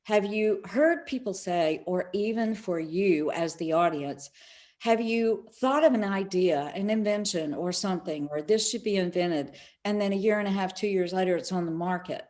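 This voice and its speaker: With a mid-range voice and normal speed, a middle-aged woman shares stories during an online summit interview. She's a spiritual speaker who gets animated and acts out whatever dialogue she quotes.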